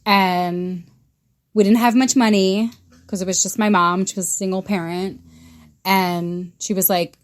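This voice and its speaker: A woman's voice: medium pitch, steady tone, a little slow. A woman guest on a podcast, casually telling personal stories, laughing and swearing as she goes. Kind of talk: casual storytelling.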